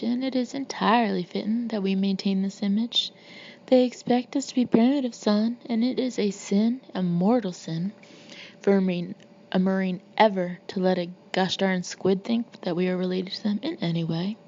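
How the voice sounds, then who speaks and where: A woman reading the part of a loud, boastful Marine colonel who mocks everyone around him. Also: medium pitch, gravelly, muffled recording, slight background noise, natural voice. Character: brash hulking male Marine colonel, swaggering.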